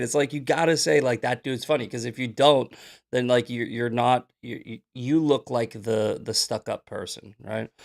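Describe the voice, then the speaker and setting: Male stream host, heavy vocal fry, mid pitch, loose jokey commentary. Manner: loose, rambling, jokey asides while fixing tech. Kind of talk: casual live-stream commentary.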